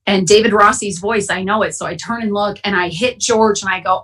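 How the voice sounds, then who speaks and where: A woman's voice: fairly high pitch, fairly quick, hardly any pauses, fairly bright tone, husky, recorded from a distance, rough recording. A woman from Wisconsin speaking candidly and emotionally as a speaker at a recovery meeting. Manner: emotional, candid, choking up at times. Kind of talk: personal recovery share. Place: online conference, at home.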